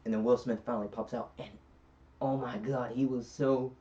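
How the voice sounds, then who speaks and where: A man's voice: medium pitch, steady tone, moderate pace, mellow. Rambling male film reviewer, off-mic. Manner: rambling retelling with many fillers. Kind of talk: casual film review recap. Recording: distant, dull lo-fi recording.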